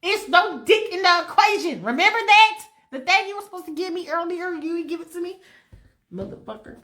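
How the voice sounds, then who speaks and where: A sassy, blunt young woman singer who fires back quick, profane retorts, as a woman puts her on. The voice sits high and bright, and a roomy echo hangs around it. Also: lively intonation, heavily acted. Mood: irritated.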